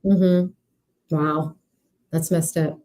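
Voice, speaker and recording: A woman's voice: low voice, steady tone, drawn-out words, warm tone. A woman hosting a casual interview podcast, reacting with short, sympathetic remarks. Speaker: podcast host.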